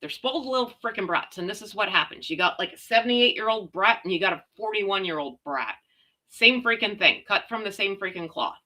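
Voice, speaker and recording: Middle-aged woman from Canada, casual ranting vlogger, sarcastic and slangy, bright animated voice. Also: medium pitch, fairly quick. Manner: blunt, sarcastic, slangy, mild swearing. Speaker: commentary vlogger.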